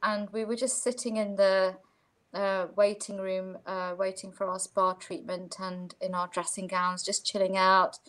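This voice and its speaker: A woman's voice: medium pitch, flat delivery, unhurried, fairly bright tone. Woman guest, casual rambling storyteller, video-call sound. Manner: rambling, many fillers.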